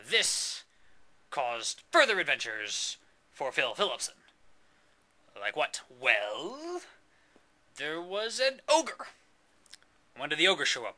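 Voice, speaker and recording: A man's voice: a little high, pushed and bright. A young man improvising a comic fantasy story, rambling, interrupting and arguing with himself as he goes.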